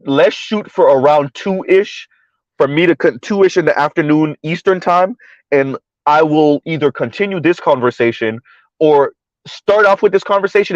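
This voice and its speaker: A man's voice: on the high side, dry recording. A man hosting a casual livestream, talking through social topics and reading chat messages aloud, repeating words as he goes. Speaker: livestream host. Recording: dull lo-fi livestream audio.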